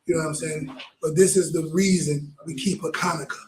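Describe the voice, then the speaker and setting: Male preacher, high voice, fervent and blunt, echoey room, faint noise behind. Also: fairly even intonation, brisk, a little mellow. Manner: fervent, blunt, repetitive exhortation. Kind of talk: sermon.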